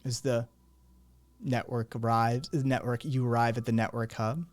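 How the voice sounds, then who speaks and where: A man narrating as game master in a measured, unhurried way. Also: mid-range voice, fairly even intonation, no room sound.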